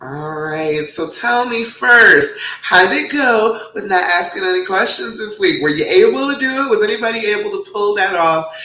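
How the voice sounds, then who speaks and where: A woman's voice: medium pitch, lively intonation, moderate pace, sharp tone, slight background noise. A woman coaching on relationships, hosting a casual livestream, chatty and greeting viewers by name, her voice still recovering from a cold. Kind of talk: casual live-stream chat. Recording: roomy echo.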